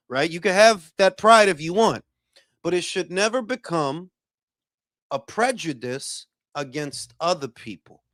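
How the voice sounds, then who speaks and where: A man hosting a boxing talk stream, his voice lively and swooping up and down. He chats casually and swears freely, reading out shout-outs from the chat. The sound is dry and close on the mic. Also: on the high side, unhurried, no room sound. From Dominican heritage. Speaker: boxing talk show host.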